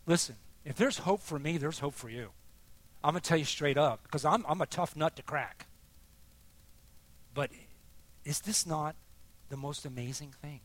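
A middle-aged man giving a sermon-style personal testimony, moving between hushed, quiet moments and loud, emphatic bursts as he tells his story. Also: a little high, moderate pace, long pauses. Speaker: speaker sharing testimony.

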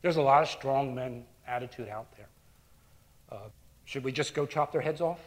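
Middle-aged guy pastor giving a sermon, earnest, goes quiet then loud, ordinary mid voice. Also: medium pitch, normal speed. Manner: earnest, shifts between hushed near-whispers and loud emphatic bursts.

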